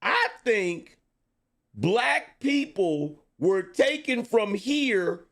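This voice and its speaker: Slow-talking animated man, high voice. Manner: animated, slangy, laughs a lot. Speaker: host reacting to clips. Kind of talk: reaction commentary.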